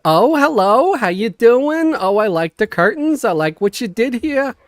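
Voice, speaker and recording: A man voicing a gushing, chatty New neighbor in a high sing-song lilt. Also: lively intonation, unhurried, dry recording.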